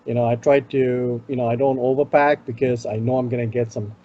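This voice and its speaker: A man's voice: medium pitch, fairly even intonation, fairly quick, warm tone, lo-fi sound. A man with an Indian accent, co-hosting a casual chat show and giving conference travel tips, talking loosely with lots of "you know". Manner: chatty, fills with "you know". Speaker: podcast co-host.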